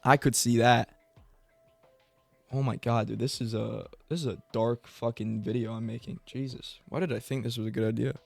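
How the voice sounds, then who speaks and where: With faint music in the background, a young man speaks at normal speed in a creaky voice. He's an MMA commentary YouTuber going on at length solo, rambling, profane, and now and then erupting into high, excited mock voices.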